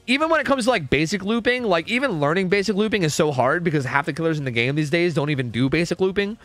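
A man's voice: fairly high pitch, quick pace, music in the background. A man streaming a game, chatting casually, joking and swearing a lot as he plays. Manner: excitable, swears a lot, jokey. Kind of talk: casual gameplay commentary.

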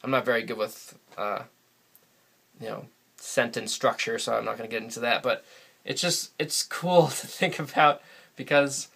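Bright-voiced rambling New guy. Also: medium pitch, fairly even intonation, normal speed, creaky, breathy edge. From New England, USA. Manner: rambling, chatty, laughs often. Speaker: vlogger. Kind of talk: casual solo vlog. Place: sitting alone in front of a camera. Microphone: camera mic.

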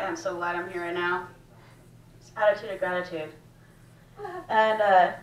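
A woman's voice: mid-range voice, a bit bright. A woman hosting a comedy night and doing stand-up, ranting bluntly with plenty of swearing in a small cafe room. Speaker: guest host and stand-up comedian. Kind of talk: stand-up set. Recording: roomy, distant with faint room noise.

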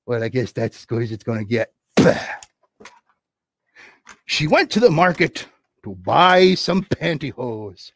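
A man's voice: medium pitch, sing-song, a little slow, pauses often, a bit bright, no room sound. A man running a livestreamed puppet show, chatty and playful with sing-song asides, telling a nursery rhyme into a camera. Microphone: camera on a desk.

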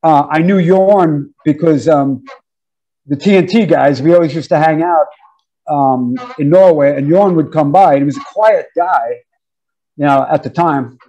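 Man in his 50s, from New York, higher pitch, mellow tone, animated slangy storyteller. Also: measured pace, lo-fi sound. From New York, USA. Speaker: drummer, interview guest. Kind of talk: casual storytelling interview.

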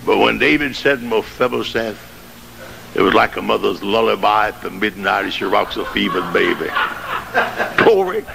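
A man preaching a sermon, telling a story dramatically and rising to shouted climaxes. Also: fairly low pitch, steady tone, moderate pace, gravelly. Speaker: pastor. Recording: noisy old sermon tape.

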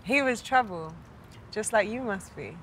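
A woman's voice: medium pitch, lively intonation, unhurried, a bit bright, slight background noise. An actress playing a giggly, teasing young woman chatting someone up. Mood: playful. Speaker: love interest. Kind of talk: film drama dialogue.

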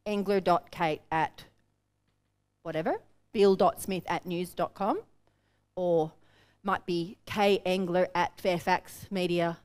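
An Australian woman coaching a live workshop, energetic and direct, telling stories to make her points. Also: on the low side, slow, long pauses, clean tone. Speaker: business coach. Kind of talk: workshop teaching. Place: seminar room with an audience.

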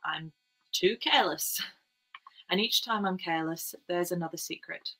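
Young woman reading her own story, bright tone, bit of fry, calm and measured. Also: lowish voice, poor audio. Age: young adult. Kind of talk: literary reading.

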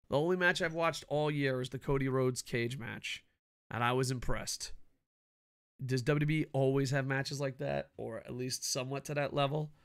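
A middle-aged man ranting loudly about wrestling, cranky and swearing constantly. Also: a little high, no echo, studio quality. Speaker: wrestling commentary vlogger. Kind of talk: profane ranting commentary.

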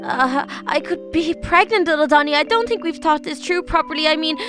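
High-voiced young woman, nervous and hesitant. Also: a little fast. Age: young adult. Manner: nervous, hesitant, lots of uhs. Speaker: roleplay host. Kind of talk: casual game roleplay. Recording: background music under voice.

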